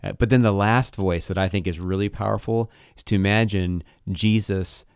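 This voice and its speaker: A man co-hosting a podcast, talking through a Bible passage in a thoughtful, halting way with frequent restarts. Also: fairly low pitch, fairly even intonation, smooth, no echo, studio quality. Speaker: podcast co-host. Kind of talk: casual Bible discussion.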